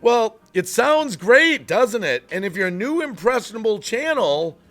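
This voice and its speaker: A man's voice: sits high, big pitch swings, a little slow, few pauses, a bit bright. A man hosting a live stream, ranting bluntly to his chat and breaking off to apologize for getting worked up. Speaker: livestream host.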